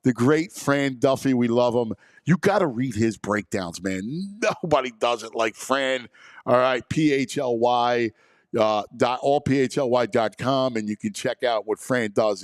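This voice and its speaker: A man's voice: mid-range voice, lively intonation, a little slow, dry recording. A man hosting a sports talk show in a studio, chatting with enthusiasm and heaping on praise.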